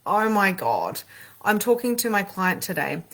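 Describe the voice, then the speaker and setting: A woman, a spiritual coach and medium, talking casually and animatedly with slang, her voice swinging between loud and soft. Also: mid-range voice, sing-song, unhurried. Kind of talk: casual motivational talk.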